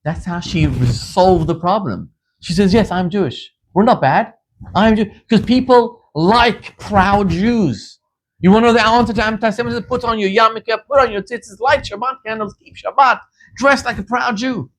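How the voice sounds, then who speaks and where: A man from Zimbabwe, a rabbi, giving a sermon in an animated, emphatic storytelling manner. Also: high voice, moderate pace, slight background noise.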